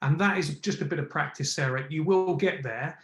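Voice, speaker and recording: Guy coaching people on camera, upbeat, kinda high, roomy echo on a video call. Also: brisk. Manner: energetic and encouraging, animated emphasis. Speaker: TV presenter and presenting coach. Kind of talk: live online coaching session. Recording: echoey room.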